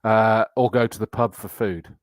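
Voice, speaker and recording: A man's voice: on the low side, steady tone, normal speed, no room sound. A middle-aged man hosting a motorsport livestream show, greeting viewers by name in a matey, casual way with lots of fillers. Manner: chatty and matey, frequent fillers and laughs. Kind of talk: casual live-stream chat reading viewer comments.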